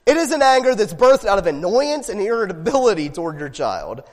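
High-voiced pastor preaching in a reverberant hall. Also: male voice, big pitch swings, fairly quick. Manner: conversational, asks the congregation with frequent "right?". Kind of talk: sermon.

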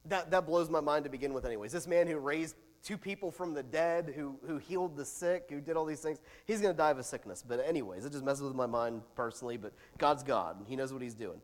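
Guy preaching in a big echoey hall, high voice, really lively. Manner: animated preaching with swings in loudness and asides. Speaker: pastor. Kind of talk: sermon.

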